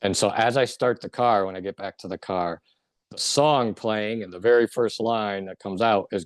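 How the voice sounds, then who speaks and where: Man, very low voice, earnest emotional testimony, dry close sound. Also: moderate pace, no room sound. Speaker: interview guest. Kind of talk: personal testimony.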